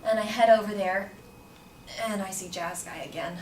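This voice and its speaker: A woman telling a personal story to listeners in a conversational, animated way. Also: mid-range voice, moderate pace. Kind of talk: personal story told to an audience. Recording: roomy, distant mic with faint background noise.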